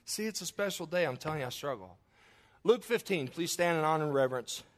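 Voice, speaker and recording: A middle-aged man preaching a sermon as pastor, telling stories in an animated, self-mocking way and laughing often. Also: fairly high pitch, quick pace.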